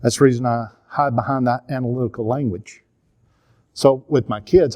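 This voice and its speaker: A man's voice: mid-range voice, fairly even intonation, normal speed, darkish tone. A man in his sixties with a Southern drawl, teaching a church seminar through earnest, confessional personal stories. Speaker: minister and counselor teaching a seminar.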